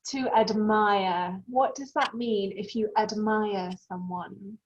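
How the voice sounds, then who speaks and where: A woman's voice: medium pitch, fairly even intonation, slow. A woman teaching an online English class, patiently explaining vocabulary with examples. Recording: dull lo-fi sound.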